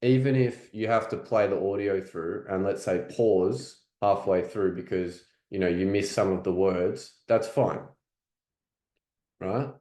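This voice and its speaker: Australian man coaching casually, low mellow voice in an echoey room. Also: fairly even intonation. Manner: casual, chatty, repeats phrases slowly to demonstrate. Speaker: French coach. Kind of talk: language lesson. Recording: roomy echo.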